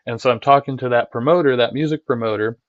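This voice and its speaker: A man hosting a live stream, rambling in a loose conversational way, tagging his points with "right?" and swearing freely. His recording sounds dry and a little dull, with no room around it. He speaks at a middling pitch for a man. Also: quick pace, dry recording. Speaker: streamer and channel host. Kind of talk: casual live-stream commentary, reading chat.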